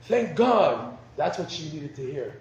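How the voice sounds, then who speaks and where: Animated man teaching a class. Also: fairly high pitch, measured pace, lo-fi sound. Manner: animated, acts out dialogue, laughs often. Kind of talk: lecture on marriage. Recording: roomy echo, faint background noise.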